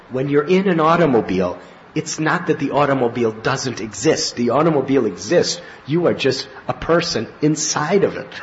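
Lively, high-voiced man giving a spiritual talk. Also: slight background noise. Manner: animated storyteller, acts out scenes with laughs and cries. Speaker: spiritual teacher. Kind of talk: devotional talk with anecdotes. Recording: slightly muffled lo-fi recording with faint ambience.

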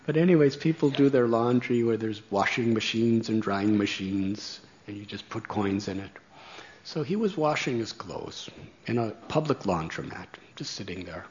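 A man telling a story slowly, chuckling at his own tale. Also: lowish voice, a little mellow, highs cut off. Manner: slow, chuckling anecdote telling. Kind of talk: storytelling talk.

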